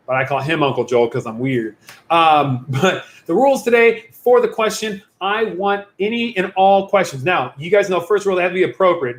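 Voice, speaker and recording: Young man, youth pastor, livestream chat, goofy and rambling, a bit high-pitched. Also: roomy sound. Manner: goofy, rambling, jokey asides.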